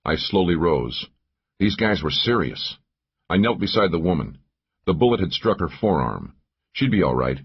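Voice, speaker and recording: Man, audiobook narrator, first-person thriller, steady, measured, dull lo-fi sound. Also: low voice, slight background noise.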